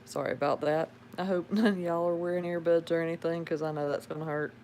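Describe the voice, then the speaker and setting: A woman with a Southern drawl, soft-spoken and chuckling as she chats casually with viewers of her livestream from home. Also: lowish voice, fairly even intonation, fast, a little hiss or hum. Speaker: livestream host. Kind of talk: casual live chat. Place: home with pet dogs.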